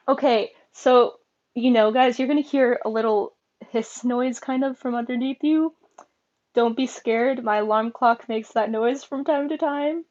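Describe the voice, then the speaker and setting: A woman's voice: fairly high pitch, a little mellow. A woman chatting casually on a live stream at home, playfully talking to her pets. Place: home room. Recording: dull lo-fi stream audio.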